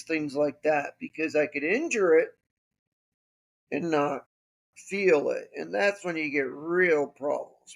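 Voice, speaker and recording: Man podcast host, unhurried gravelly voice, wry casual storytelling. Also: on the high side.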